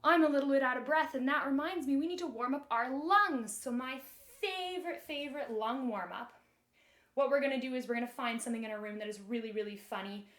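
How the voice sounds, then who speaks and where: Cheerful woman teaching children. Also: high voice. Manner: cheerful, slow and encouraging, guides warm-up games. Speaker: children's music and magic teacher. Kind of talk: children's lesson. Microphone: camera mic.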